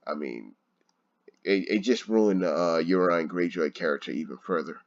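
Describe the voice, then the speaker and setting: A man's voice: sits low, moderate pace, muffled recording. A man giving a casual, frustrated review of a TV episode, swearing and laughing often. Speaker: show reviewer.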